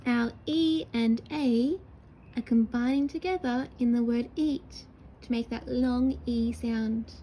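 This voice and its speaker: Slow, high-voiced woman teacher. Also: warm tone, slight background noise, poor audio. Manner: slow, sounding out words syllable by syllable; patient, encouraging. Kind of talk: early-years writing lesson.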